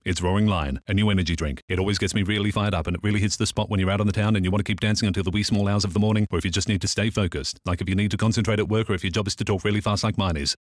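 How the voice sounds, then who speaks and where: A man playing a rapid-fire disclaimer voice. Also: on the low side, fairly even intonation, no echo, studio quality, close to an everyday voice. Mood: eager. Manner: rapid-fire patter in an announcer's style. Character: man who voices fast ad disclaimers, hyped up. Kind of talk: radio ad acting.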